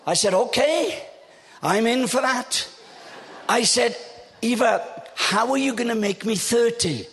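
A man in his seventies preaching a humorous, animated storytelling sermon on stage. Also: very high-pitched, measured pace, big-room sound. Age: 70s.

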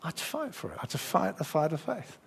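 A middle-aged man preaching a lively sermon, acting out the inner voices of his listeners. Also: fairly high pitch, fast talker, gravelly.

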